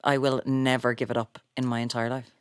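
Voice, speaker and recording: A woman with a Cork Irish accent, hosting a podcast in casual, animated chat with sarcastic asides. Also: very deep voice, fairly quick, clean tone, no echo, clean studio sound. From Ireland. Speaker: podcast host.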